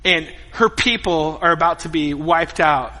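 A middle-aged man preaching a sermon as a pastor, telling stories in an animated way and acting out scenes. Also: on the high side, unhurried. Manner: animated storytelling, acts out scenes. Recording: echoey hall with guitar music behind.

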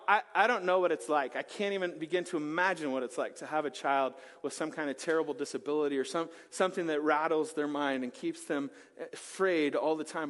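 A man preaching a sermon in an animated, conversational storytelling manner with jokes mixed in. His voice sits high, and long reverb from a church hall trails his words. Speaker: pastor.

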